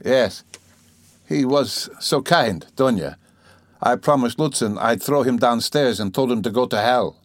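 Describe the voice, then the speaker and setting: A man's voice: mid-range voice, animated, unhurried, no echo, pitched above the performer's own voice, close to an everyday voice. A man voicing a tormented, feverish young man who speaks curtly and with strain. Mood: irritable, strained. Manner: curt, strained.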